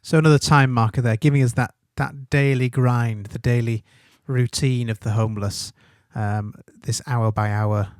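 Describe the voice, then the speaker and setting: A man with an English accent, an English teacher talking through a literary text in a relaxed way, thinking aloud with fillers and tag questions. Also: medium pitch, moderate pace, few pauses, no room sound, clean studio sound. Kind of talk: study guide commentary on a text.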